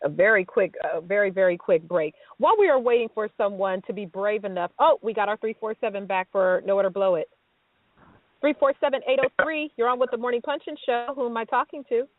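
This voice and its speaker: A woman's voice: medium pitch, fairly quick, dry recording. Upbeat woman radio co-host, tinny audio. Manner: upbeat, laughing, chatty. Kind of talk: casual radio talk show hosting. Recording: dry, tinny phone-like sound.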